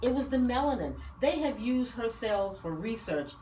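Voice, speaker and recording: A woman hosting a talk radio show, speaking in a passionate, preaching way and talking fast. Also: on the high side, lively intonation, dark tone. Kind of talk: casual talk radio discussion. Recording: roomy studio, mic at a distance, faint noise.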